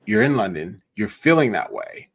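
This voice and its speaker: Low husky man hosting a chat. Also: very animated, fairly bright tone. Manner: halting, many fillers and restarts. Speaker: host, coach. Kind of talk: casual interview chat.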